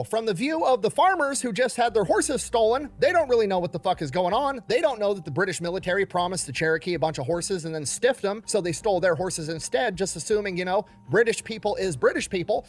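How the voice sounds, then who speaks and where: A man telling history in a casual, animated and profane conversational way. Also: high voice, quick pace, few pauses. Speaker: history storyteller.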